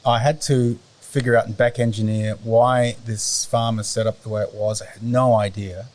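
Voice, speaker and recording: A middle-aged Australian man chatting as a podcast guest, rambling and often pausing to search for words. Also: lowish voice, little pitch movement, darkish tone. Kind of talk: casual conversation.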